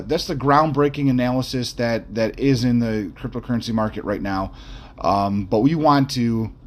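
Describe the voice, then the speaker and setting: A man hosting an unscripted podcast who rambles bluntly, with lots of fillers and restarts, and throws in mild profanity and jokes. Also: medium pitch. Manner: mildly profane, jokey asides. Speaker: podcast host.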